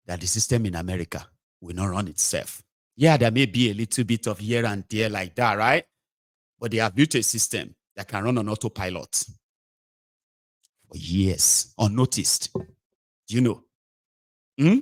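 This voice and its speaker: A man's voice: fairly low pitch, a little slow, pauses often, no echo, clean studio sound. A Nigerian man giving mocking political commentary, switching between a plain talking voice and mocking voices for quotes. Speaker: commentary host.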